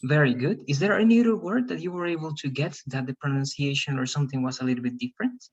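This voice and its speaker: Husky man teaching an online class. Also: on the high side, quick pace. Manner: coaxing, repeats "all right" and "right". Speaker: English teacher. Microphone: video call. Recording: dull, lo-fi video call audio.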